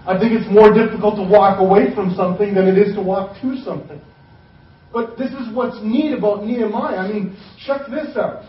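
A man's voice: sits high, brisk, far from the mic. A man preaching a sermon as pastor, casual and joking as he retells scripture in his own words. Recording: echoey hall, voice from off-mic, dull sound.

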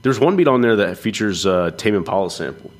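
A man's voice: on the low side, expressive, a little fast. Laid-back young man talking rap albums. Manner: laid-back, rambling with frequent fillers and restarts. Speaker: co-host. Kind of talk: casual music review chat.

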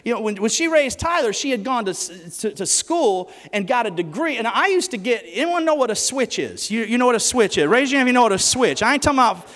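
A man preaching a sermon in church, animated and joking as he tells stories and asks the crowd questions. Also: very high-pitched, fast talker, hardly any pauses, long reverb tail.

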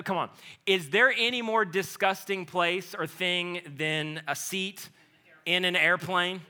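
A pastor in his thirties delivers a sermon in a high, sharply bright voice. He talks animatedly, pushing some passages loud and urgent and dropping others low and hushed. He is a man telling stories to his congregation.

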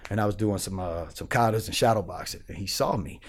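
A man's voice: lowish voice, fast talker. A man telling a story as a podcast guest, in streetwise slang, acting out the people he quotes. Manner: animated, acts out the people he quotes.

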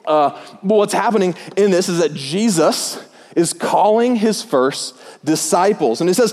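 A pastor preaching a sermon in a church, telling jokes and stories in a playful, animated way. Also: male voice, high-pitched, unhurried. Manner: joking, animated storytelling with put-on voices. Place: church auditorium. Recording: long hall reverb.

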